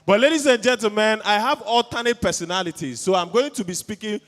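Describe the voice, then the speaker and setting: A man's voice: high-pitched, brisk, fairly bright tone. A Nigerian man with an Igbo accent, co-hosting a live event and rousing the crowd. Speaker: event co-host. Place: large event hall. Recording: long hall reverb.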